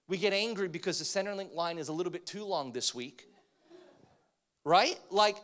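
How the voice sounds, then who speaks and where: An American man preaching a sermon to a congregation, talking in an energetic, joking way that rises to emphatic points. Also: high voice. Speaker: pastor. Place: church, in front of a congregation.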